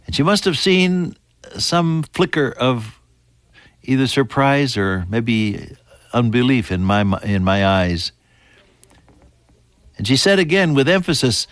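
An older man preaching a sermon in an earnest storytelling manner, climbing high for emphasis and sinking to soft whispers. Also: big pitch swings, slow, pauses often, no room sound, studio quality. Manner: earnest storytelling, pitch rising sharply on emphasis and dropping to near whispers.

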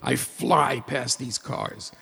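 A man telling a personal story live, with an animated, excitable delivery. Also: mid-range voice, slow pace, creaky, breathy edge. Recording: long reverb of a hall.

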